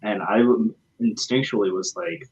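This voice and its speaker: A man in a casual discussion, speaking thoughtfully and haltingly. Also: lowish voice, expressive, a little mellow, muffled recording.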